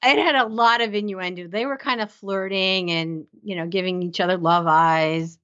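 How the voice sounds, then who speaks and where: A woman's voice: fairly low pitch, fairly even intonation, moderate pace, a bit bright. A woman co-hosting a podcast, chatting enthusiastically and laughing often. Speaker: podcast co-host. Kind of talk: casual recap chat. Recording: slightly dull lo-fi sound.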